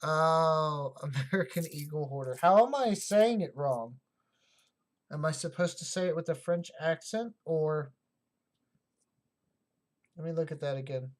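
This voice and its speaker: A slow-talking livestream host who chats casually and thinks out loud. The voice sits at a middle pitch, unhurried, often musing and replying to viewers. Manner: thinks aloud, chatty, talks back to chat comments. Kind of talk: casual livestream chat while sorting coins.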